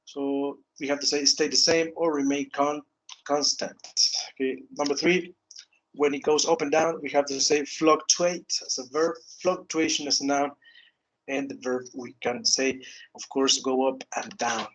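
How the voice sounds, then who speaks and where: Halting teacher, tags "no?". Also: male voice, medium pitch, little pitch movement, rough recording. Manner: halting, repeats words, frequent "okay" and "no?" tags. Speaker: English teacher. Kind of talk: online grammar lesson.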